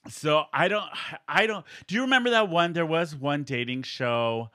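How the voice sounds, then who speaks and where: A man in his forties hosting a casual podcast, animated and quick to laugh and swear. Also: fairly high pitch, no room sound, studio quality. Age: 40s. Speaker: podcast host. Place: San Diego area.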